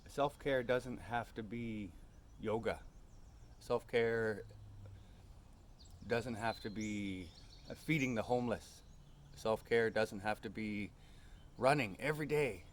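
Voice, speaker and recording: A man telling a personal story in a calm, unhurried way, often ending lines with a tag question. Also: lowish voice, a little hiss or hum.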